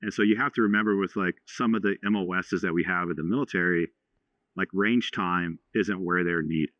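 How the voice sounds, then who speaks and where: Low-voiced man telling stories haltingly. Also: a bit bright, no echo. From Houston, Texas. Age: 40s. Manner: halting, many restarts and "you know" fillers. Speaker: podcast guest, franchise owner. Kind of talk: casual storytelling. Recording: slightly dull lo-fi sound.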